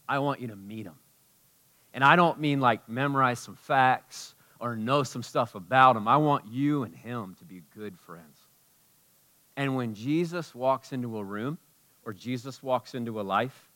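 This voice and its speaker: A man's voice: mid-range voice, bright, forceful tone. A man preaching a sermon as pastor, telling personal stories in a loose, conversational way, with lots of "like". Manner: conversational, storytelling, peppered with "like".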